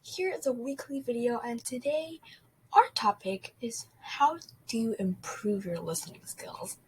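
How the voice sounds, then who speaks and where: A woman teaching an English lesson in a chatty way, often soft and whispery, with small restarts. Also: a little high, expressive, measured pace, slight background noise, rough recording. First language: not English. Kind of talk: casual lesson, partly whispered.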